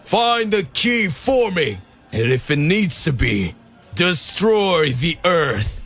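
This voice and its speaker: A man voicing an ancient evil demon ruler, giving orders in a slow, low, commanding voice over faint music. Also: big pitch swings, fairly bright tone, exaggerated voice. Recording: faint hip hop music behind.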